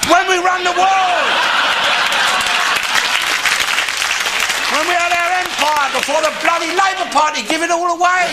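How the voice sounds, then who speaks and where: An older actor with a Cockney accent playing a bigoted, boastful old working-class Londoner, swearing and bragging in a live comic monologue. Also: male voice, very high voice. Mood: ranting. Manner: ranting, swearing, crude bragging. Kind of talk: stand-up monologue in character. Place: TV studio before live audience. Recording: loud noisy live recording with clicks.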